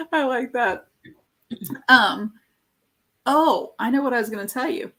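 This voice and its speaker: A woman's voice: a little high, expressive, slow, pushed and bright. A woman hosting a casual live-stream interview as an art course teacher, rambling and easily sidetracked.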